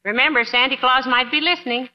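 A woman's voice: high-pitched, fairly even intonation, fast talker. A woman playing a patient, dry-humored wife in 1940s radio comedy. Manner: patient, dry, calling her husband dearie. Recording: dull, hissy old radio broadcast.

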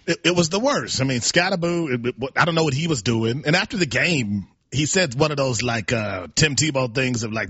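A man co-hosting a casual sports talk show, animated and self-deprecating with quick restarts, on dry, slightly dull audio. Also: mid-range voice, breathy edge, no echo.

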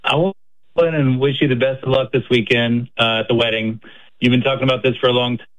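A man calling in to a radio show, friendly, talking in quick bursts. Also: mid-range voice, steady tone, fairly bright tone, muffled recording. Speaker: caller. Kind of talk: call-in chat.

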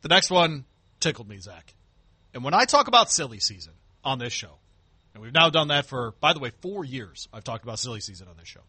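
A man hosting a sports radio show, talking football in a lively, emphatic way from the studio. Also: medium pitch, a little fast, husky, dry recording. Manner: animated, emphatic. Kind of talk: sports talk banter.

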